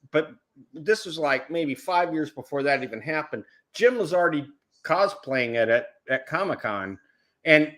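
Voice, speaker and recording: A man chatting casually on a group video chat show, telling animated stories, acting out the people he quotes and often restarting his words. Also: fairly high pitch. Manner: self-interrupting, repeats words.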